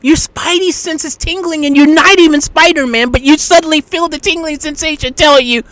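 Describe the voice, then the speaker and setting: Rambling, animated live-stream host. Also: high voice, brisk, no room sound. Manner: rambling, animated storytelling with restarts. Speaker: livestream host. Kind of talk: casual live-stream chat.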